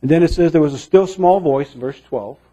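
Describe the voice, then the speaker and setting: A man preaching a sermon in an earnest way, moving between emphatic lines and hushed ones. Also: fairly high pitch, fairly quick. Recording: dull lo-fi recording.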